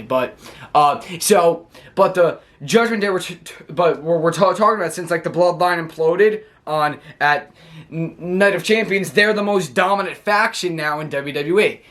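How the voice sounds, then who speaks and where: Stammering man recapping wrestling, fairly high. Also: a bit bright. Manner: rambling, stammering, laughing often. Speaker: wrestling show reviewer. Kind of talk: casual recap vlog.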